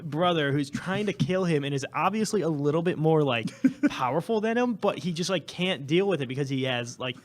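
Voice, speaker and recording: A man's voice: a little high, expressive, fairly quick. A man co-hosting a podcast in casual comedic chat, rambling with lots of fillers and laughter. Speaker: podcast co-host.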